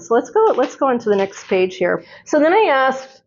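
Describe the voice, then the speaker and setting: A woman talking earnestly as a spiritual channeler, reading from her notes with halting restarts and bursts of eager emphasis. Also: on the high side, sing-song, a little mellow. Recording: dull lo-fi audio.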